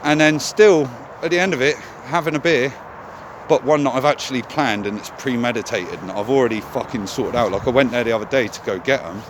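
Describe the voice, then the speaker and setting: A man's voice: mid-range voice, a little fast, background noise. A man vlogging in a candid, casual monologue, swearing often as he talks.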